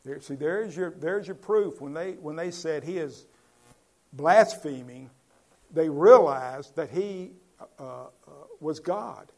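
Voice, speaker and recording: A man's voice: on the high side, measured pace. A man preaching a Bible-teaching sermon in a conversational way, asking his listeners questions and building to emphatic points.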